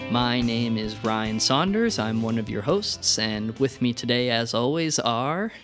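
A man's voice: medium pitch, expressive, measured pace, a bit bright, faint music behind. A man hosting a film podcast, talking in a thoughtful, rambling way with some restarts. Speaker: podcast host. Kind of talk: casual podcast chat.

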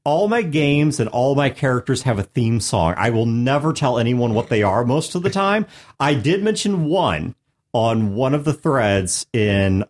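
A middle-aged man hosts in loose, rambling chat, telling gaming stories with a self-mocking streak. His voice sits at an ordinary middle pitch for a man, neither high nor deep. He wanders through asides at an easy pace. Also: sing-song, a little slow. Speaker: podcast host and game master. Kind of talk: casual chat.

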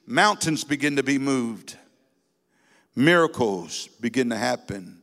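A man preaching a sermon in a church, building from steady teaching into fervent, emphatic exhortation. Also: medium pitch, takes it slowly. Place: church sanctuary. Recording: long reverb in a hall.

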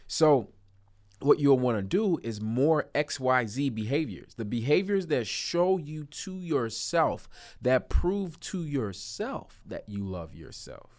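A man's voice: mid-range voice, sing-song, slow pace, a little mellow. A man giving a self-help talk to viewers in an earnest, coaching way, repeating key phrases and stretching words for emphasis. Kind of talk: motivational talk to camera.

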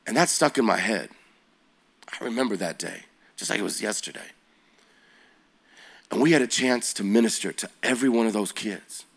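Man in his forties, youth preacher; low voice, animated storyteller who quizzes the crowd. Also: normal speed, long pauses, breathy edge. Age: 40s. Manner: animated, slangy, asks the audience questions.

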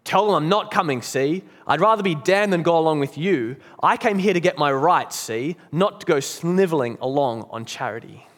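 A man's voice: on the high side, lively intonation, moderate pace, hardly any pauses, big-room sound. A man voicing a big, coarse male ghost from hell who insists on his rights in a blustering, self-righteous way. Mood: defiant.

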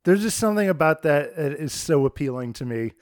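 A man's voice: fairly high pitch, lively intonation, fairly quick, no echo, clean studio sound. A young adult man co-hosting a podcast, chatting casually and rambling with lots of "like". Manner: rambling, heavy use of "like". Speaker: podcast co-host. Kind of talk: casual chat.

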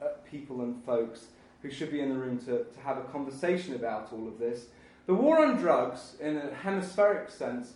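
A man's voice: mid-range voice, darkish tone. Middle aged guy lecturing, emphatic, lots of restarts, big echoey room, mic far off. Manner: emphatic, rambling, many restarts and asides. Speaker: history lecturer. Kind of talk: academic lecture.

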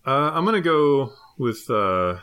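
A man's voice: medium pitch, sing-song, a little slow, a bit bright, slight background noise. A man co-hosting a casual chat, making wry, teasing jokes. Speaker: podcast co-host.

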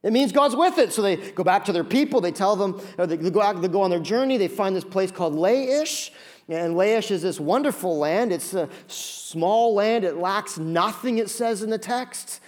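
A man preaching a sermon, telling a story with animated asides and acted-out voices. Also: high-pitched, moderate pace. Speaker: pastor.

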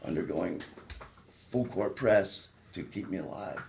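A man's voice: low voice, measured pace, vocal fry, darkish tone, slight background noise. A man, a surgeon, telling a guest on a radio talk show the personal story of a grave injury, earnest and vivid. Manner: earnest, vivid retelling with rising intensity at peak moments.

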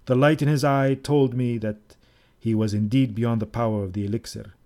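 A man narrating a first-person tale in a measured, solemn audiobook reading. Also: mid-range voice, steady tone, dark tone.

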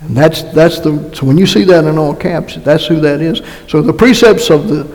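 A man with a Massachusetts accent preaches a conversational sermon, folksy and full of joking asides and restarts. His voice sits fairly high, with a gravelly edge. The sound carries the long reverb of a church hall. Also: normal speed, few pauses, a little mellow. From North Carolina. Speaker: pastor. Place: church sanctuary.

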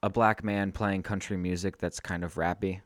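A man chats casually on a podcast, rambling and relaxed, leaning on "like" and "you know." His voice sits fairly low. The sound is dry and close to the mic. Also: moderate pace, no room sound. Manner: laid-back, rambling, filler-heavy. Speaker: podcast co-host. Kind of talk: casual chat.

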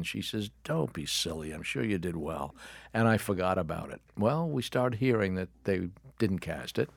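An older man, a guest in a studio interview, telling wry and animated stories about his life. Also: on the low side, unhurried, vocal fry, dry recording. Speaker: guest, actor and author. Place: radio studio.

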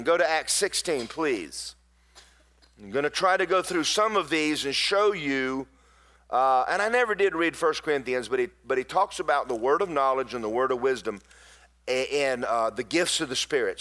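A man's voice: a little high, fairly bright tone. A middle-aged man, a pastor preaching a sermon in folksy storytelling with emphatic bursts.

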